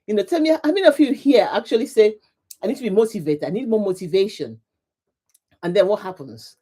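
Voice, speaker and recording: Warm-voiced woman hosting a motivational livestream. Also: medium pitch, very animated, quick pace, slightly rough. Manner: repetitive, emphatic, greets viewers, laughs often. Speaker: livestream host, coach. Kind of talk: live motivational talk.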